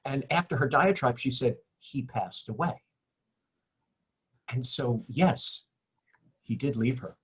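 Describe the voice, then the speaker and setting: A male host with a husky, slightly raspy voice of medium pitch puts questions to his guest. He talks in halting starts, repeating words before he gets to the point. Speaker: interview host. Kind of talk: interview questions.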